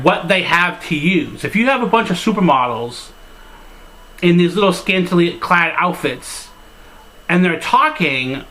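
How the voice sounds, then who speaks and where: A man's voice: high voice, bright, forceful tone, poor audio. A man delivering a crude, exasperated comedy rant as a video reviewer, full of swearing and filler "like"s.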